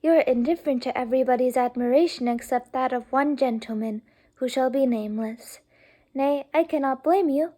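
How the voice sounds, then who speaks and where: Gushing young lady voiced by a woman, breathless exclamations, high voice, mellow tone. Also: fairly quick.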